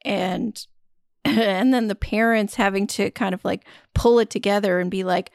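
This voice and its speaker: A woman's voice: medium pitch, fairly even intonation, measured pace, creaky, darkish tone, dry recording, clean studio sound. A woman co-hosting a podcast, reviewing a film in casual chat and laughing often.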